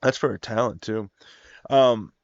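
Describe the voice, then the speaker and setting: A man with a middling pitch sounds nasal and congested, as if still getting over a cold. He rambles in a casual, filler-heavy way and keeps asking his viewers "okay?" The sound is dry, with no room echo, and a little muffled and dull. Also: steady tone, unhurried. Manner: rambling, filler-heavy, seeking agreement with "okay?" and "you know". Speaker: gaming video host. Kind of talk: casual game-kit breakdown.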